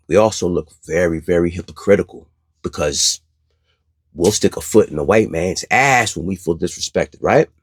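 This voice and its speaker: A man's voice: low voice, gravelly, breathy edge, no room sound, clean studio sound. A man hosting an opinion commentary, speaking in a sarcastic, emphatic, preachy way. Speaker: commentary channel host.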